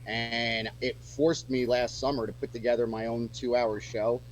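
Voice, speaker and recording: A man's voice: medium pitch, level tone, moderate pace, soft background music, low-quality recording. A man chatting casually as a musician guest on a radio show, rambling with lots of fillers and restarts.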